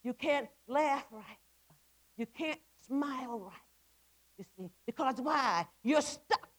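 A woman's voice: high voice, lively intonation, slow, low-quality recording. A middle-aged woman giving a testimony sermon to women, impassioned and repetitive, with stammered restarts. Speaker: women's ministry speaker.

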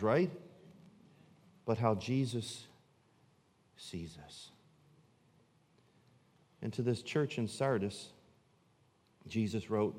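A man preaching a sermon as pastor, swinging from loud, emphatic lines to low, hushed ones. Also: husky, long reverb tail.

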